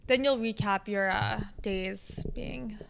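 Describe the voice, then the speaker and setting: A woman's voice: mid-range voice, slow pace, vocal fry, background noise. A young woman co-hosting a podcast in a casual, upbeat chat, with a lot of "like". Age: young adult. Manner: upbeat, chatty, frequent "like". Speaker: podcast co-host.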